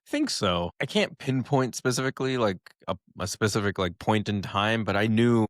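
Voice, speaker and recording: Low-voiced man rambling casually. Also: animated, moderate pace, dry recording, studio quality. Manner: hesitant, rambling with many fillers. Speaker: podcast co-host. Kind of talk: casual chat.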